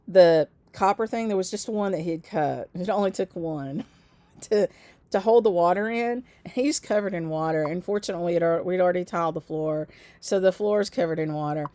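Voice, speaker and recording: A woman's voice: on the low side, normal speed, no room sound. Chatty woman telling a story. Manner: chatty, laughing asides, animated quoting. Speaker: craft channel host. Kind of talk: casual storytelling to viewers.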